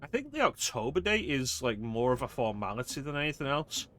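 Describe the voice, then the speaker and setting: A man's voice: medium pitch, sing-song, fairly quick, a bit bright, slight background noise. A man streaming a game, reading in-game diary notes aloud steadily and then chatting casually. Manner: reads steadily, then chats casually with fillers.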